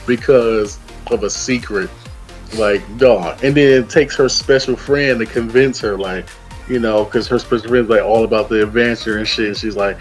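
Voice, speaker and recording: Man, co-reviewer, casual review chat, medium pitch, profane ranting, mocking quoted voices, faint background music. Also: normal speed. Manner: animated profane ranting, acts out characters' lines while retelling the plot. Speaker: co-reviewer guest.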